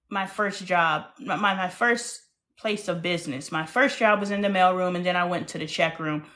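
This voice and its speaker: Chatty woman hosting a casual livestream. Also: medium pitch. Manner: chatty, animated storytelling with playful exclamations. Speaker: host.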